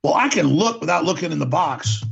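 A man's voice: fairly high pitch, animated, brisk, gravelly, soft background music. A man hosting a talk show, delivering an impassioned political monologue, ranting and repeating words for emphasis, on a dull lo-fi recording.

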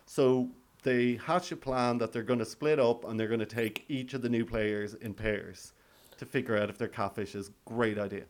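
A man's voice: mid-range voice, fairly even intonation, moderate pace. A man hosting a podcast, chatting casually and playfully about a reality show and laughing often. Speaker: podcast host. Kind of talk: casual recap chat.

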